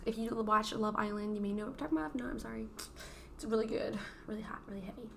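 A woman's voice: a little high, fast, vocal fry, a bit bright, slight background noise. A young woman co-hosting a casual podcast from home at a dinner table, playful, giggly and teasing. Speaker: podcast co-host. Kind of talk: casual chat.

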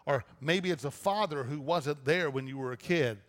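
A man's voice: fairly high pitch, moderate pace, fairly bright tone. A man preaching a sermon as pastor, talking in a loose, conversational way with frequent restarts. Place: church auditorium. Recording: long reverb of a church auditorium.

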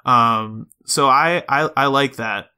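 A man co-hosting a podcast in casual chat, talking loosely with fillers and quick laughs. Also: mid-range voice, bright, forceful tone, smooth. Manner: chatty, laughs easily, lots of fillers. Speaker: podcast co-host.

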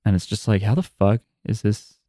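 A man's voice: lowish voice, moderate pace, warm tone, dry recording, studio quality. A man co-hosting a casual podcast discussion, joking and swearing casually. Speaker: podcast co-host. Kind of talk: casual chat.

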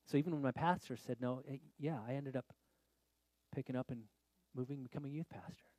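A middle-aged man preaching a sermon as a pastor, telling a story in an animated way that swings between loud exclamations and quiet confession. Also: medium pitch, fairly quick, no echo.

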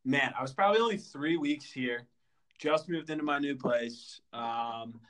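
A young man co-hosting a podcast, telling a story in casual chat, animated and full of fillers and stutters. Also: mid-range voice, a little slow. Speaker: podcast co-host.

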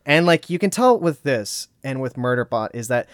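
This podcast co-host is a man with a medium-pitched voice and lively intonation, speaking at a normal speed. On a casual book podcast, he rambles through the chat with plenty of fillers and restarts. The studio recording is clean, with no room sound.

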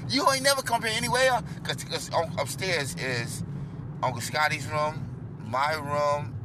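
A man telling a rambling, animated personal story as a casual vlog, swearing as he goes, recorded in a car. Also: medium pitch. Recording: loud car and road noise.

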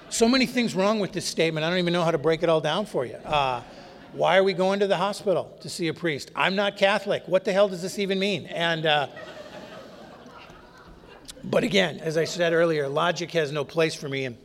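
A man's voice: a little high, fairly quick. A man telling his recovery story in a wry, candid, self-mocking way. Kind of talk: humorous personal storytelling talk. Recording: long reverb of a hall.

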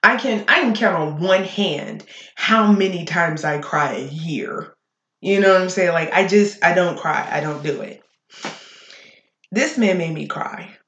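A woman's voice: fairly low pitch, a bit bright, dull audio. A woman hosting a solo podcast, ranting bluntly and with plenty of swearing. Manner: blunt and profane, talking fast and heated. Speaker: podcast host. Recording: echoey room.

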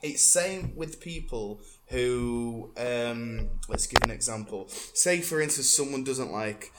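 A man co-hosting a podcast in casual banter, animated and sweary, now and then breaking into sung tunes. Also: medium pitch, slow pace, heavy background noise. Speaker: podcast co-host.

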